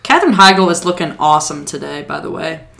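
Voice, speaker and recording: A woman co-hosting a podcast in casual chat, animated and often quoting lines in mock voices. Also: deep voice, a little fast, vocal fry, faint music behind. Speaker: podcast co-host.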